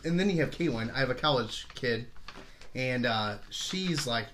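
A man in his forties chats loosely as a podcast host, wandering through his thoughts with easy swearing and frequent laughs. His voice sounds a bit worn and hoarse. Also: mid-range voice, lively intonation, moderate pace, a bit bright, a little hiss or hum. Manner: rambling, laughs often, swears casually. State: slightly hoarse. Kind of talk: casual chat.

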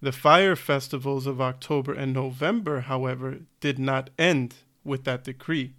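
A man's voice: mid-range voice, fairly even intonation, moderate pace, a bit bright. A man co-hosting a casual podcast chat, reading facts aloud with fillers and self-corrections. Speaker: podcast co-host.

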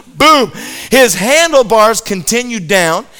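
A man telling a comic story to an audience in an animated way, often repeating a word as he starts a sentence. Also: very high-pitched, slow pace, smooth.

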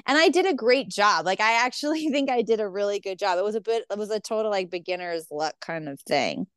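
A woman's voice: mid-range voice, expressive, brisk, clear, resonant tone, no room sound, clean studio sound. A woman comedian telling stories in casual chat, acting out quoted voices, saying "like" a lot and swearing freely. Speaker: stand-up comedian guest.

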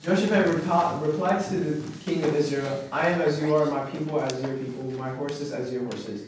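A man with a slightly high voice reads a scripture passage aloud, steady and unhurried. He sits well away from the mic, so his voice comes through thin, with strong room echo and faint background noise. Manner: steady, plain reading with small slips. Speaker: scripture reader in a study group. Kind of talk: reading aloud. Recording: echoey room, voice far from mic.

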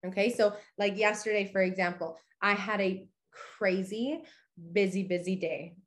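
A woman's voice: medium pitch, unhurried. Chatty upbeat young woman podcast host. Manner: chatty and upbeat, full of "you know" and "okay". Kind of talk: casual motivational monologue.

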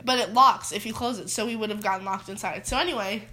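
A woman's voice: medium pitch, fast talker, bright, forceful tone. A teenage girl co-hosting a casual podcast, telling childhood stories and laughing often mid-sentence. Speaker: podcast co-host. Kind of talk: casual chat, storytelling.

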